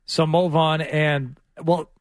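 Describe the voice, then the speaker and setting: A male co-host on sports radio speaks in a dry, needling way. His voice is slightly high for a man, and the sound is close and dry. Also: level tone, slow, no echo. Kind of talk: sports talk radio banter.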